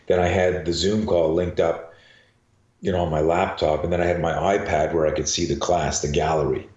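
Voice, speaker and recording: Brief: older male coach guest, very low voice, chatty with many restarts, echoey dull recording. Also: level tone, moderate pace, darkish tone. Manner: chatty, repeats words while thinking. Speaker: guest, self-defense coach. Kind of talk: casual interview. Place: garage.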